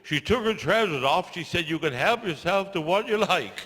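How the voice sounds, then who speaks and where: An older man with a Cornish accent telling stand-up stories, with dry deadpan asides after each punchline. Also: high-pitched, moderate pace, very noisy. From Cornwall. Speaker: stand-up comedian. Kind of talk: stand-up storytelling. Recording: live show in a large hall with audience laughter.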